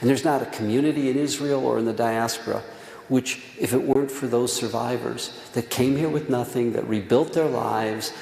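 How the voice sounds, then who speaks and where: Gravelly middle-aged rabbi preaching, repeats himself for emphasis, echoey synagogue hall. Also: male voice, medium pitch, normal speed, a little mellow. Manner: earnest storytelling, repeats words for emphasis, drops to near whisper. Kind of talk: Tisha B'Av sermon with stories. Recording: echoey hall, faint room noise.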